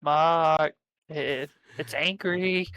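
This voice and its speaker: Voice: medium pitch, fairly bright tone, smooth, no room sound. A player voicing a naive, blunt adventurer. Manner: slow, plain, innocent questions. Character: naive, blunt adventurer asking simple questions.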